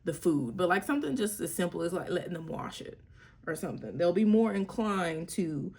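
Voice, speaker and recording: A woman's voice: lowish voice, lively intonation, brisk, a little mellow, breathy edge. A young mother, chatting candidly and wryly about parenting in a casual vlog. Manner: candid, wry, slangy, breaks into playful voices. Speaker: mother sharing parenting tips. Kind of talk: casual chat.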